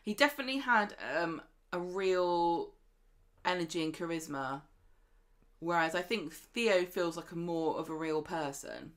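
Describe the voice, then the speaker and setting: A chatty woman co-hosting a laid-back recap, her voice sitting a bit low. She keeps slipping into animated snippets of dialogue as she tells it. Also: a little slow. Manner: chatty, acts out characters' lines in animated bursts. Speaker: podcast co-host. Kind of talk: casual soap recap chat.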